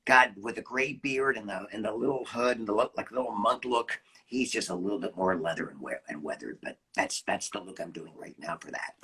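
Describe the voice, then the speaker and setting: A man, a voice actor, telling animated behind-the-scenes anecdotes in a casual interview, with quick restarts. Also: lowish voice, breathy edge. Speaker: voice actor guest.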